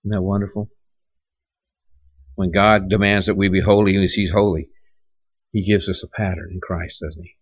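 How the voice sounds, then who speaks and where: A man's voice: low voice, flat delivery, normal speed, long pauses, husky, no echo, muffled recording. A man preaching a sermon in a conversational way, with rhetorical questions and many restarts. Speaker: pastor.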